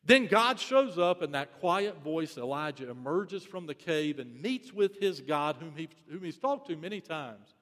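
A man's voice: a little high, expressive, moderate pace, hardly any pauses. A pastor preaching a sermon in an earnest, emphatic way, repeating his key phrases. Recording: reverberant hall.

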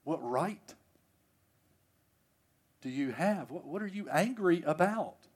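God as a patient, reproving father, voiced by a male preacher in a sermon. He drops low and soft and keeps a measured pace. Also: animated, husky, full character voice.

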